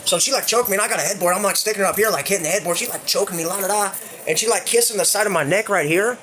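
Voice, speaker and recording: A man's voice: high voice, racing, bright, forceful tone, slight background noise. A man telling a crude, rambling story in casual livestream chat, full of fillers.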